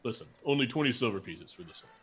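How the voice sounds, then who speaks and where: Relaxed, friendly smith, a man in his own mid voice. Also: mid-range voice, fast, close to an everyday voice. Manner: easygoing salesman patter. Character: friendly male blacksmith merchant.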